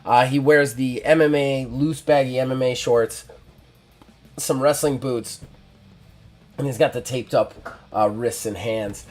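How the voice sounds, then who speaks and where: A man plays through a wrestling-promoter journaling game on stream. He narrates casually, full of fillers and restarts, at a mid pitch. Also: steady tone, measured pace, long pauses, a little mellow, soft background music. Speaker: solo game player.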